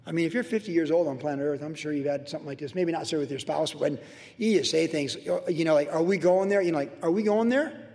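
A middle-aged man, a pastor, teaching the Bible verse by verse with animated storytelling and acted-out quotes. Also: on the high side, fast, long reverb tail.

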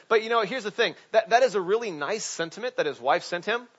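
A man preaching a sermon in a chatty, animated way, with frequent restarts and asides. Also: sits high, a little fast. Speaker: pastor. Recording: dull lo-fi recording.

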